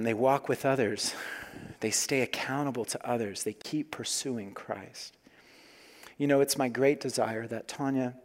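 A man in his forties preaching a sermon as pastor, earnest, moving between loud emphasis and quiet hushed asides. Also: mid-range voice. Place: church sanctuary. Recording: long hall reverb.

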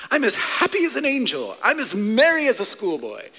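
A pastor putting on a giddy old reformed miser. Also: male voice, wildly swooping pitch, moderate pace, bright, forceful tone, slightly rough, exaggerated voice. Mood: gleeful. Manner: high, gleeful, sing-song. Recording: echoey hall.

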